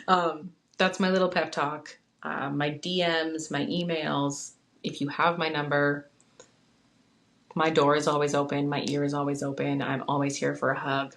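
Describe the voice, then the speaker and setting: A young adult hosts a solo podcast from home and speaks earnestly, offering encouragement and support. The voice has a gravelly, creaky texture. The delivery stays low-key and flat in pitch, and it is recorded on a phone. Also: normal speed, rough recording. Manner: earnest, encouraging, heartfelt pep talk. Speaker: podcast host. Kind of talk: casual solo podcast talk.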